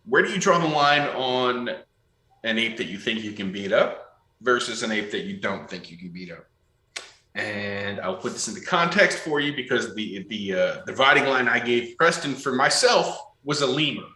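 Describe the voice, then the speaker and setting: Co-host man, playful, bright tone, echoey room on a video call. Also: medium pitch, expressive, moderate pace. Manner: playful, joking. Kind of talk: casual chat.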